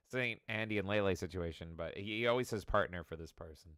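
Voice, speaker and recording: A man co-hosting a podcast in casual chat, with joking, expressive reactions. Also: sits low, fast, smooth, no room sound, studio quality. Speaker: podcast co-host.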